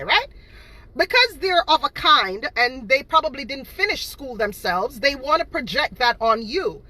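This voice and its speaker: A woman's voice: high voice, sharp tone, no echo. A woman in her thirties from Boston with a Jamaican patois-inflected accent, talking casually and indignantly to her viewers, repeating herself for emphasis. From Boston, Massachusetts. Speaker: cake seller.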